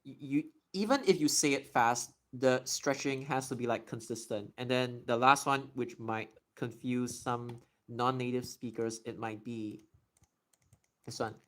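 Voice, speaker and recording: A young man streaming live, casually answering viewer questions in a chatty, explanatory way and slowly stretching out words to demonstrate them. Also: medium pitch, steady tone.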